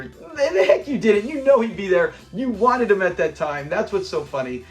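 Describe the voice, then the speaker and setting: A man's voice: sits high, expressive, a little fast, soft background music. A middle-aged man hosting a casual breakdown of a classic sitcom episode, retelling scenes and acting out the characters' lines. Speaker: host of a classic TV channel.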